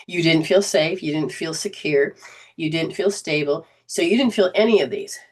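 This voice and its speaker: A woman's voice: deep voice, normal speed, a little mellow. Earnest woman host telling a story. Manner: earnest storytelling, quotes others, frequent restarts. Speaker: host, energy healer. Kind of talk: casual teaching talk.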